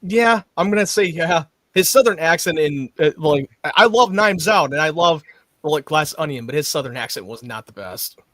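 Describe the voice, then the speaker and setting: A man's voice: a little high, expressive, normal speed, a bit bright, no room sound, clean studio sound. A man in casual chat at a watch party, easygoing and agreeable.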